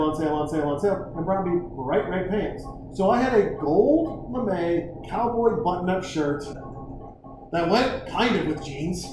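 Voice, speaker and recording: A man's voice: high-pitched, heavy reverb, background noise. A man telling a crude, rambling, self-mocking comic story and acting out the other people in it.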